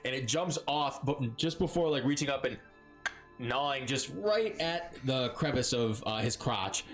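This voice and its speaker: A man's voice: medium pitch, expressive, unhurried, a bit bright, soft background music. Playful laughing man running a tabletop game. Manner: playful, laughs often, loose rambling narration. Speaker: dungeon master. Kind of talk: narrating a live-play tabletop game.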